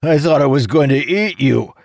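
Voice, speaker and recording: A man's voice: on the high side, animated, normal speed, vocal fry, darkish tone, dry recording, clean studio sound, pitched above the performer's own voice. A man voicing a blunt young necromancer.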